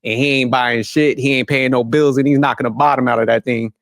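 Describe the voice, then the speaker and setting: A man's voice: medium pitch, fairly even intonation, fast talker, gravelly, a bit bright, no room sound, clean studio sound. A man hosting a reaction commentary, ranting bluntly in profane street slang. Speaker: commentary channel host.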